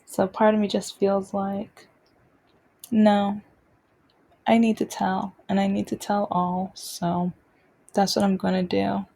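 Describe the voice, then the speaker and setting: A woman hosting her own show, talking openly and unscripted about personal experiences, halting and restarting as she goes. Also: medium pitch, flat delivery, vocal fry, warm tone. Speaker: podcast host sharing personal stories.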